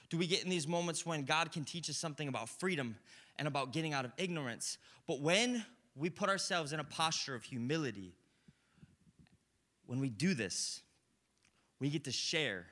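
A young man preaching a sermon in a conversational, animated way, swinging between loud bursts and hushed moments. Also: a little high, normal speed, long pauses.

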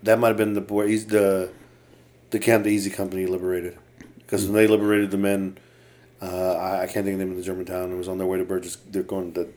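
A man co-hosting a casual podcast, trying to recall details with halting fillers. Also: low-pitched, little pitch movement, a little mellow. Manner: listener giving back-channel hums, hesitant with fillers when recalling. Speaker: podcast co-host. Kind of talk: casual chat.

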